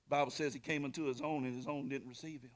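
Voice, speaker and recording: A man preaching a sermon, telling a story with animated swings from shouting to whispering and calling out to the congregation. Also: mid-range voice, fast. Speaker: pastor.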